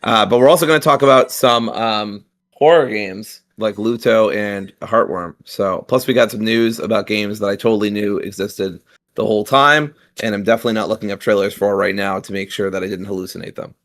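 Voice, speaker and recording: A man's voice: lowish voice, fairly quick, a bit bright. A man co-hosting a casual gaming podcast, rambling with lots of filler sounds and self-mocking jokes. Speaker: podcast co-host.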